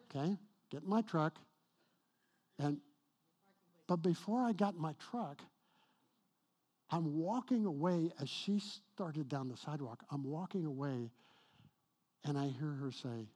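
A middle-aged male pastor preaching a sermon, telling a personal story with a husky voice that swings from hushed to loud and emphatic. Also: a little high, lively intonation, unhurried, pauses often.

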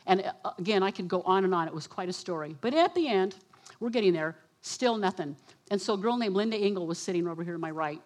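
A woman preacher giving a sermon, telling a vivid story and acting out the voices of the people in it. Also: lowish voice. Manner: animated storytelling, quotes herself and others.

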